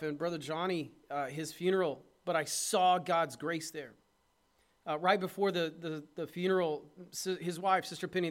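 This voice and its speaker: High-voiced pastor preaching. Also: male voice. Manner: impassioned preaching, swings between loud urging and soft tenderness. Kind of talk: sermon.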